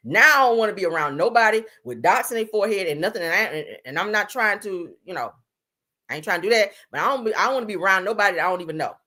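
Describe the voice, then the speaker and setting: A woman's voice: medium pitch, animated, very fast, pushed and bright. A woman from the US giving blunt, profane, sassy live-stream commentary, full of emphatic repeats.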